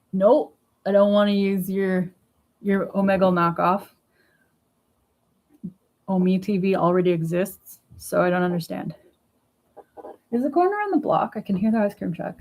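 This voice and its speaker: Blunt, sweary woman vlogging from home. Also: mid-range voice. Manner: blunt, sweary, animated retelling. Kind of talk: casual diary vlog. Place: at home indoors.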